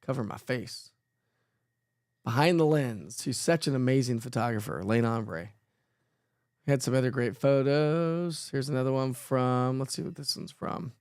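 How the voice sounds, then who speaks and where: A man's voice: medium pitch, moderate pace, a little mellow, dry recording. Man, weather host, casual live chat, playful, chatty, jokes at himself, dry close mic, mid-range voice. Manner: chatty, playful, self-joking, laughs often.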